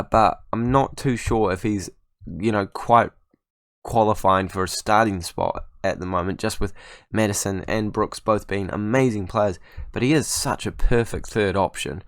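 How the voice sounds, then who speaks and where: A man's voice: fairly low pitch, gravelly, dry recording, studio quality. A young man giving chatty, self-mocking commentary over his football management game. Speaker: gaming YouTuber. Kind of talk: casual gameplay commentary.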